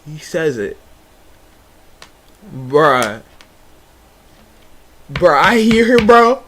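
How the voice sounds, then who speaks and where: A young man streamer telling a story in a casual, animated way, full of slang and restarts. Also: fairly high pitch, drawn-out words.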